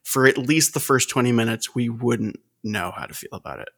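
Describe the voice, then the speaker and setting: Bright-voiced man making wry jokes. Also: medium pitch, fairly quick. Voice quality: wry, joking asides. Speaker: podcast co-host. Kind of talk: casual chat.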